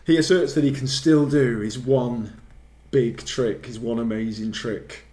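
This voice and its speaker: A man's voice: mid-range voice, fairly even intonation, a little slow, dark tone. A man in casual podcast chat, rambling through a film recap and laughing often. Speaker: podcast co-host.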